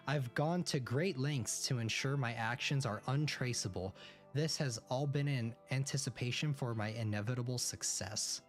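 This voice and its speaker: A man of middle pitch reads a visual novel aloud in first person, stopping now and then to react. Faint music plays under his voice. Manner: narrates in first person, breaks off for quick reactions. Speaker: streamer.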